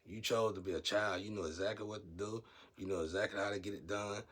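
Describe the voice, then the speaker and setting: Low-voiced man in a blunt, rambling rant. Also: steady tone, fast. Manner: rambling, blunt, preachy, gets loud and heated. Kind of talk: casual spiritual monologue.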